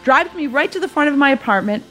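A woman's voice: high-pitched, animated, fast, a bit bright, faint music behind. A middle-aged woman telling a personal story to an audience in a vivid, dramatic way. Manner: vivid, dramatic storytelling, acting out her own panicked pleas.

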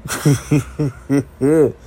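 A man's voice: medium pitch, flat delivery, extremely slow, dark tone, slightly rough. A man telling a crude, rambling comic story full of swearing. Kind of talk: profane comedic monologue.

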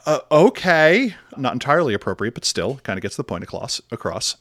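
A man running a tabletop role-playing session, narrating scenes in a relaxed, wry, descriptive way. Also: on the low side, fast, dry recording. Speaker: game master.

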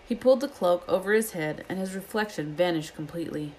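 Low-pitched woman reading a story aloud with lively character voices. Faint background noise. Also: fast talker, poor audio. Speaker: reader.

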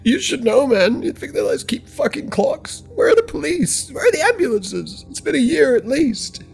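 A man's voice: extremely high pitch, very animated, normal speed, vocal fry, a little mellow, slightly rough, faint music behind, pitched above the performer's own voice, heavily acted. A man voicing a traumatized young man, sobbing, panicked and swearing in a horror story. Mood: distraught. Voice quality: shaky, tearful, sobbing.

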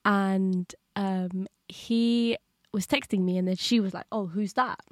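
A woman's voice: medium pitch, fairly even intonation, takes it slowly, dry recording, clean studio sound. A young woman, co-hosting a podcast and telling a story in casual chat, laughing and acting out quotes. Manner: chatty, laughing, acts out quotes in a raised voice. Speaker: podcast co-host.

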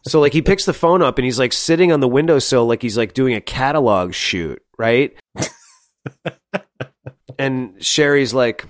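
A man co-hosting a movie review podcast, talking in an animated way, often laughing and saying "like" a lot. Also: mid-range voice, normal speed, no echo, studio quality. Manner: animated, laughing, heavy use of "like". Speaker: podcast co-host. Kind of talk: casual movie review chat.

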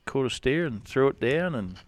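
An Australian man, a rodeo cowboy, spins stories in a casual interview, rambling along with plenty of fillers and restarts. His voice is medium in pitch with lively intonation, and he talks a little fast.

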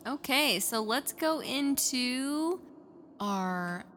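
A woman's voice: high-pitched, animated, drawn-out words, fairly bright tone. A woman co-hosting a paranormal podcast, chatty and casual, with many fillers. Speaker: podcast co-host. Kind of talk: casual chat.

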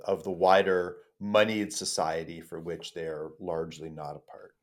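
Measured man co-hosting a podcast. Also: low-pitched, flat delivery. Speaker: podcast co-host. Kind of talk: conversational podcast discussion.

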